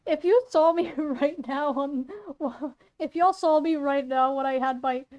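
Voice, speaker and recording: A woman's voice: high-pitched, measured pace, a little mellow, muffled recording. A woman casually reading a story aloud with playful, self-conscious asides and frequent stumbles. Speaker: story reader and voice actor.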